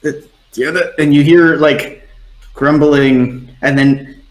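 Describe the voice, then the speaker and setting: A man narrating as game master of a tabletop game, relaxed and rambling with plenty of fillers. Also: fairly high pitch, slow pace, echoey room, rough recording.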